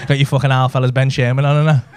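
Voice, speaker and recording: A man's voice: mid-range voice, level tone, racing, a crowd in the background, noisy background. A man, telling a brash, sweary story in a stand-up set. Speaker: stand-up comedian. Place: comedy club stage with audience laughter.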